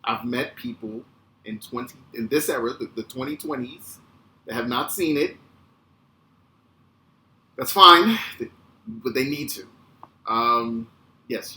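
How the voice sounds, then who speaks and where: A man in his thirties hosting a podcast, telling a casual, animated, profane story. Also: medium pitch. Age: 30s. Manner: animated, profane, acts out quotes. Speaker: podcast host. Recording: echoey room with faint ambient noise.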